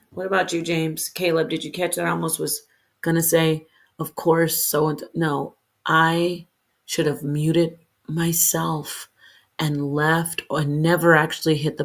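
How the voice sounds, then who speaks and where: A woman hosting a livestream, talking to her chat, correcting herself as she goes and addressing viewers by name. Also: deep voice. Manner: self-correcting, animated, talks to herself and viewers. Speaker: livestream host. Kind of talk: solo livestream talk to chat.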